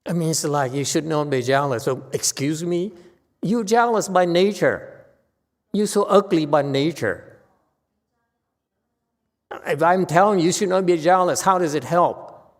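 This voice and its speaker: A man's voice: a little high, expressive, unhurried, long reverb tail. A man teaching as a Buddhist master in a dharma lecture, blunt and dismissive, brushing off questions with impatience.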